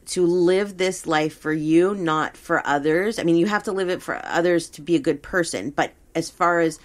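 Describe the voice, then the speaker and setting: Woman podcast host, psychic reader, deep-ish voice, easygoing and halting. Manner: hesitant, relaxed, many fillers. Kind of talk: casual podcast reading.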